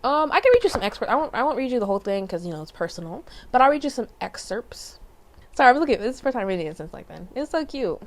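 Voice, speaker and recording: A woman's voice: on the high side, very animated, quick pace. Rambling young woman vlogger. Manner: rambling, filler-heavy, frequent self-corrections and laughs. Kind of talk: casual personal storytelling.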